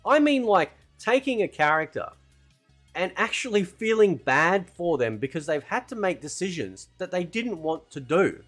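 A man's voice: high-pitched, sing-song, normal speed, fairly bright tone, soft background music. A man giving casual, rambling opinion commentary as a gaming channel host, often tagging "right?" and "man" onto his sentences.

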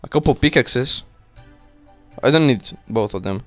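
A young man giving casual, excitable let's play commentary, swearing and talking to himself as he plays. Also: mid-range voice, moderate pace, soft background music. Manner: cursing, excitable, talks to himself. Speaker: gaming YouTuber.

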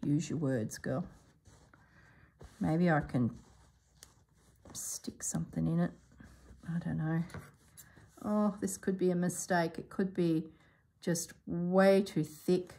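Woman, sewing vlog host, soft half-whispered musing, unhurried delivery, gravelly edge. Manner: muses to herself in a low, half-whispered voice. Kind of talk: casual crafting vlog, thinking aloud.

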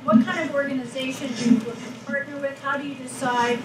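A woman's voice: high voice, steady tone, quick pace. A woman in the audience putting a question to the speaker in a direct way. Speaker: audience member asking a question. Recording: echoey room, distant mic, loud noise.

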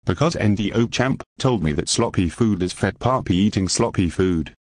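Tts voice doing a scared whiny cook guy, low and wobbly. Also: expressive, moderate pace, a little mellow, no room sound, studio quality. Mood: pleading. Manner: pleading and whiny. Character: scolded male cook, whiny and sorry.

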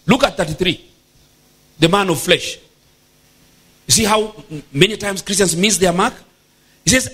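A bishop preaching a sermon, emphatic and exclamatory, punctuating points with praise shouts. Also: male voice, high-pitched, animated, moderate pace, pauses often, husky. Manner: emphatic, exclamatory, frequent hallelujahs.

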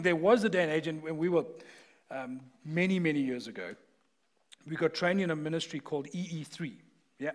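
Middle-aged guy giving a sermon, storytelling, laughs along, kinda high voice. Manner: conversational, animated storytelling with laughs. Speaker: guest preacher. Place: church sanctuary.

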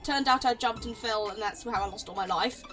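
A woman giving casual commentary on a video game she plays, rambling and excitable, often exclaiming and repeating herself. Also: fairly high pitch, fairly quick, faint music behind. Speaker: let's play gamer.

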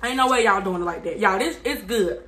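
A woman reviewing fast food on her channel. She chats casually with viewers, talks with her mouth full and hums between bites because the food is burning her mouth. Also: mid-range voice, fairly bright tone. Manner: chatty, addresses viewers as y'all, hums while eating.

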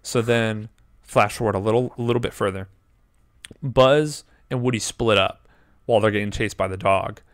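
A man in his twenties telling a story in casual chat, animated, swearing often and acting out quotes. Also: lowish voice, normal speed, no echo, studio quality. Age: 20s. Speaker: podcast co-host.

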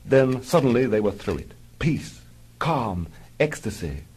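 Husky-voiced deadpan comic narrator, male. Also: medium pitch, a little slow, low-quality recording. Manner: dry, mock-heroic narration.

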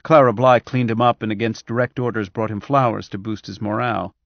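A man narrating an audiobook, reading in a measured, even way. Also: on the low side, creaky, no room sound, dull audio. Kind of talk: scripted narration.

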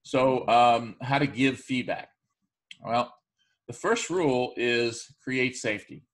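A male college instructor giving a recorded online lecture, speaking in a measured way with frequent fillers and restarts. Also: mid-range voice.

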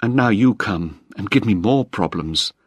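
A man's voice: expressive, unhurried, breathy edge, dry recording. A man voicing a young woman in a read-aloud story. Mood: sad. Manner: raised, lighter pitch for her lines. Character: young woman, a scientist and the narrator's sweetheart. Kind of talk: graded reader audiobook.

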